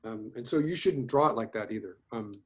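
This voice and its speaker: A man's voice: on the low side, fairly quick. A man teaching an online class, giving chatty, rambling feedback on student storyboards, with many fillers and restarts. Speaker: storyboard instructor. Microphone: video call.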